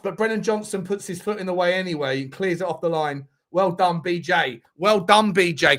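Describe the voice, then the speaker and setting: Young male fan-channel host, high-pitched, excitable live match caller who shouts and swears. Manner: talks to viewers directly. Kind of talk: live football watchalong commentary.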